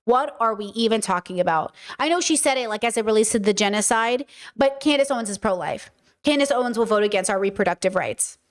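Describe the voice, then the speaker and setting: A woman's voice: a little high, animated, fast talker. An American woman hosting a casual livestream, playful and chatty, swearing freely and repeating words for emphasis. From United States. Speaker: host.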